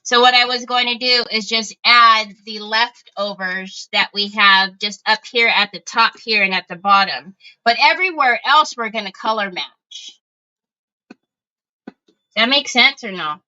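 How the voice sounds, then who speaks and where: A woman's voice: fairly high pitch, unhurried, bright, forceful tone, clean tone, lo-fi sound. A woman hosting a casual craft livestream, chatting with viewers as she works and thinking aloud.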